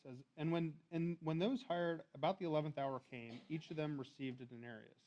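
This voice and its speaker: A man's voice: fairly high pitch, steady tone, fairly quick, a little mellow, dull audio. A man preaching a sermon in a church, talking casually and reading scripture aloud. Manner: conversational, restarts and fillers, reads scripture aloud.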